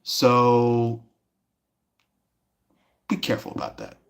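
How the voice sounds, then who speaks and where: A man giving a casual livestream tarot reading, rambling with many pauses and fillers. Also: medium pitch, big pitch swings, vocal fry. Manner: rambling, lots of fillers and restarts.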